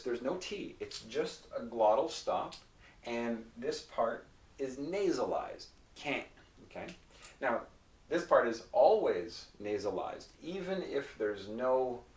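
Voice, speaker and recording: A man teaching English pronunciation in a patient, explanatory way, often checking in with "okay?" and repeating example words. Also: mid-range voice. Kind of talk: slow, explanatory whiteboard lesson. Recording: roomy echo, slightly distant mic.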